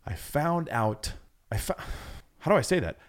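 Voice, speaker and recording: A man's voice: fairly high pitch, animated, normal speed. A man co-hosting a podcast in a casual, joking, rambling chat. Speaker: podcast co-host.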